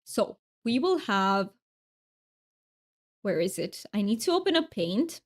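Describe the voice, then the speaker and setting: A woman's voice: medium pitch, big pitch swings, slow pace. A woman live streamer chatting casually with viewers while she draws, scattered and self-interrupting, often repeating her words.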